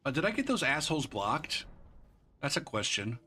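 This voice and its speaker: A man's voice: mid-range voice, very animated, normal speed, pushed and bright, breathy edge. A man streaming a game live, ranting about it in a frustrated, profane way and drifting into rambling asides. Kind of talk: live gameplay commentary.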